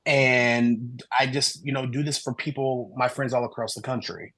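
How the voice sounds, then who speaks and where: A man guest on a podcast interview, telling his story in an animated way and acting out the dialogue he quotes. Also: medium pitch, normal speed, dry recording, rough recording. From American Midwest. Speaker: guest, human design reader.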